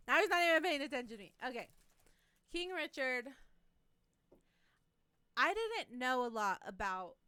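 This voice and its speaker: With a high-pitched voice at a moderate pace, this young woman trades stories on a laid-back podcast, laughing often and cursing freely. She and her co-hosts are in a room with the TV on, and there's no room sound in the recording.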